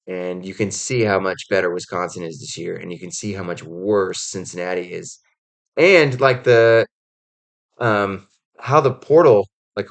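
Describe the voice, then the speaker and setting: A man giving casual college football commentary, rambling with lots of "like" and "um" and acting out quotes as he goes. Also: lowish voice. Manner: rambling, heavy on "like" and "um" fillers; animated storytelling with acted-out quotes. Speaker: college football podcast host.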